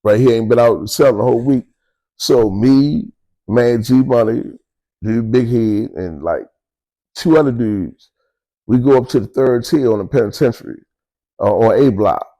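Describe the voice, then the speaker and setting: A man's voice: medium pitch, normal speed, dark tone, rough recording. An older man with a Baltimore accent telling prison stories in a casual, streetwise, profane way, with chuckles between beats. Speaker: storyteller recounting prison life. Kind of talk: casual storytelling to camera.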